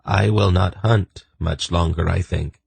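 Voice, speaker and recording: A man's voice: deep voice, steady tone, measured pace, gravelly, breathy edge, no room sound, exaggerated voice. A man voicing a wounded, starving female wolf who speaks humbly and deferentially in an audiobook. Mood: weary.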